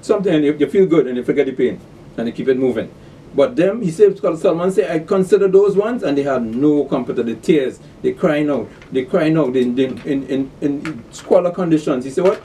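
A man teaching a scripture class in a fairly high, mellow voice. He reads verses slowly, then drives the point home by repeating words and throwing out rhetorical questions. The sound is a bit distant, as if he sits back from the mic. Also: lively intonation, a little hiss or hum.

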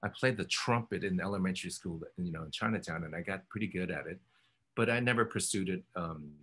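A man's voice: deep voice, fast, fairly bright tone, breathy edge. A man in his fifties from Oakland, California, recalling his past in a reflective oral history interview, with many ums and restarts. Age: 50s. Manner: thoughtful, rambling, many ums and self-corrections.

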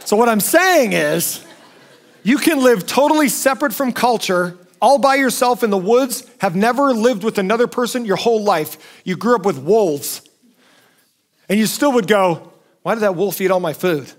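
A man's voice: high-pitched, lively intonation, moderate pace. A male pastor preaching a sermon in a conversational, emphatic way.

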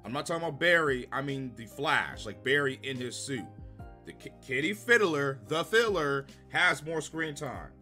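A man giving a casual, profane, sarcastic review of a TV episode, exasperated and given to loud bursts of laughter. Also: mid-range voice, lively intonation, normal speed, soft background music. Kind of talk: casual ranting review commentary.

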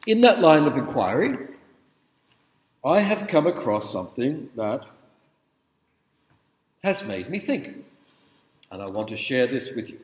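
A middle-aged male lecturer speaks casually at a mid pitch and keeps asking the room "okay?" as he tells stories. His voice carries a long hall reverb that rings around a big lecture room. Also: sing-song, unhurried, long pauses. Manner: informal, checks in with the audience. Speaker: university lecturer. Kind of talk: conversational lecture with anecdotes.

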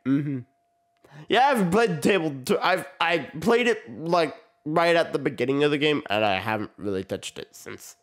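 A man's voice: a little high, animated, moderate pace. A man hosting a casual gaming video, playful and laughing often as he chats through a match. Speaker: gaming channel host. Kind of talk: casual gameplay chat.

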